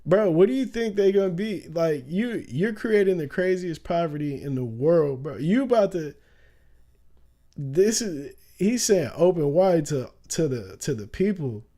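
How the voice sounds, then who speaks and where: A man's voice: sits high, expressive, unhurried, dark tone. A man ranting casually on a live stream, emphatic and heated, calling the listener "bro" often. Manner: emphatic, heated, slangy, says "bro" a lot.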